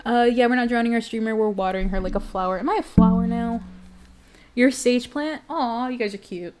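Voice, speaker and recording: A woman's voice: on the high side, fairly quick, darkish tone. A young woman streamer in casual chat with her viewers, giggly and emotional, talking straight to her chat.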